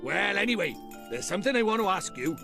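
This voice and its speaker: A man's voice: high-pitched, big pitch swings, quick pace, gravelly, heavily acted. A man voicing a cheeky, boastful little male fairy in a video game. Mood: puzzled. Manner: chatty, slangy, teasing. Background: game music.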